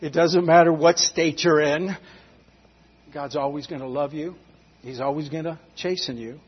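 Husky high-voiced folksy preacher man. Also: steady tone, normal speed, lo-fi sound. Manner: folksy storytelling, addresses the congregation directly. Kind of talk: sermon.

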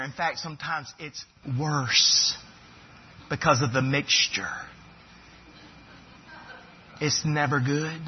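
A man's voice: medium pitch, takes it slowly, long pauses, breathy edge, highs cut off. A man preaching a sermon as pastor, building to fervent, emphatic repetitions.

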